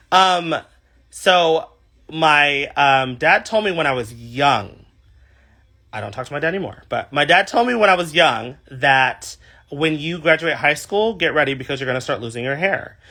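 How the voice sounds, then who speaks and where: A man's voice: a little high, expressive, normal speed, bright, forceful tone. A young man from California, a drag performer, chatting casually on a livestream and reading viewer comments aloud.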